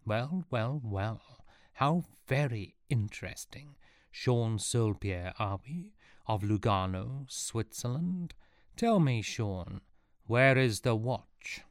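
A man's voice: medium pitch, expressive, takes it slowly, dry recording, studio quality. A man doing a sneering Roman villain. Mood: gloating. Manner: gloating, cruel laughter.

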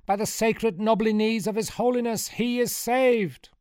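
A man's voice: high-pitched, steady tone, a little slow, darkish tone, clean tone, no room sound, clean studio sound, voice pushed up. A man playing a bellowing pompous priest. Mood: triumphant. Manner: bellowing, grandiose proclamations. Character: pompous shouting male priest, theatrical.

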